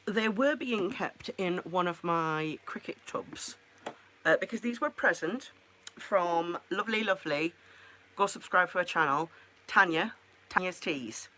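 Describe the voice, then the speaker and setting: A woman's voice: on the low side, animated, measured pace, sharp tone, slight background noise. A woman chatting casually to the camera at home, rambling and making self-mocking asides about her pets. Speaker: pet keeper vlogger.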